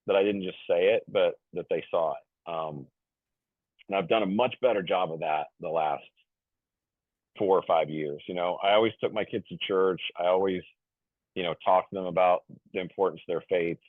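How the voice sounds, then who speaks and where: A deep-voiced man in his fifties rambles through a casual story as a podcast guest, stumbling over restarts and fillers with a jokey edge. The sound is thin and phone-like, with no room echo at all. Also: steady tone, normal speed. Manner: jokey, self-described goofy. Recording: tinny phone-like dry sound.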